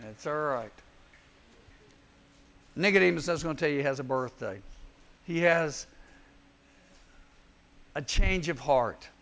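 Youth preacher, male, pitched high with a raspy fry, acts out scripture voices. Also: measured pace, long pauses. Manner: animated storytelling, acts out Bible voices. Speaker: youth speaker. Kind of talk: youth sermon.

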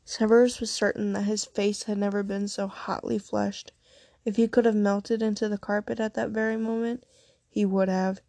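Flat, gravelly woman storyteller. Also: mid-range voice, moderate pace, dry recording, studio quality. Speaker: narrator. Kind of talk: reading fan fiction aloud.

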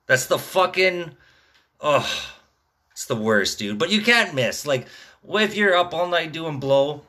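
Swearing, rambling man with a bright voice. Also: mid-range voice. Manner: rambling, swearing constantly, drawled "dude" and "man" tags. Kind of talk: casual profane rant.

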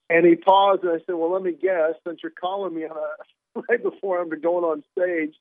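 Male comic guest, wry and lively storyteller, somewhat high voice, dry phone-line sound. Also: dry recording. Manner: animated, wry storyteller who plays out dialogue. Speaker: comedian guest. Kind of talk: conversational storytelling.

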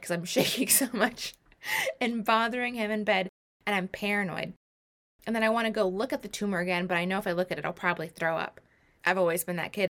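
A woman in her twenties telling a personal story in a casual, animated, self-mocking way, with many rambling asides. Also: mid-range voice. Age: 20s.

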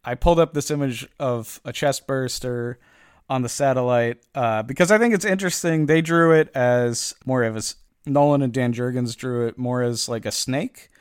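A man's voice: medium pitch, moderate pace, clean tone, dry recording, studio quality. Chatty man recapping a comic. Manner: animated storyteller, acts out characters' lines, lots of "like" fillers. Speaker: podcast host recapping a comic. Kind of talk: casual chat.

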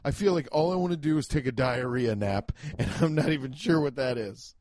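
A young man hosting a casual solo podcast, talking loudly and emphatically, swearing and poking fun at himself. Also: mid-range voice, brisk, slight background noise. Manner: loud, emphatic, swearing, self-mocking. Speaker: podcast host. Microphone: home podcast mic.

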